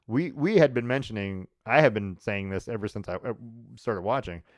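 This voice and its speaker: A man's voice: fairly low pitch, lively intonation, normal speed, no room sound. Rambling man talking sports, dry sound. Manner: rambling, with frequent restarts and laughs. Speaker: sports podcast host. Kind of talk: casual sports chat.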